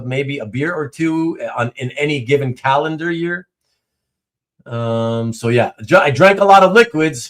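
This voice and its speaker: A man's voice: mid-range voice, fairly bright tone. A middle-aged man hosting a livestream, chatting casually and rambling through replies to live comments with many fillers and restarts. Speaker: livestream host.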